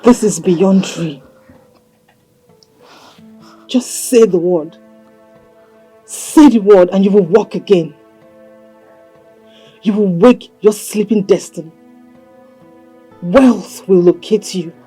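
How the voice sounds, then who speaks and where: A possessive female water spirit speaks with a Nigerian accent in a husky voice. She coaxes and commands slowly and insistently. A thin bed of film music sits underneath. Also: medium pitch, mellow, low-quality recording. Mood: commanding. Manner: coaxing and commanding, slow and insistent. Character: seductive female marine spirit princess, possessive. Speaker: spirit wife. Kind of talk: Nollywood film acting.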